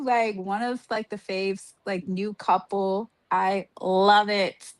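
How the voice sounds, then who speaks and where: A woman's voice: medium pitch, steady tone, slow pace, few pauses, no room sound. A woman co-hosting a show review, ranting in an exasperated way with lots of "like" and fillers. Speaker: podcast co-host. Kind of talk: casual review chat.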